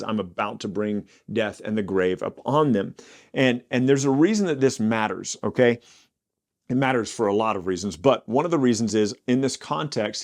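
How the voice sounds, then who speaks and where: Man teaching the Bible, animated reading. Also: fairly low pitch. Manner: reads verses aloud with rising emphasis, some restarts.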